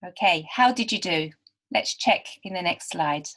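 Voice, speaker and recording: A woman's voice: lowish voice, lively intonation, normal speed, a bit bright. A woman teaching beginner literacy students, patiently sounding out and repeating words. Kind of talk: slow, careful teaching to beginners.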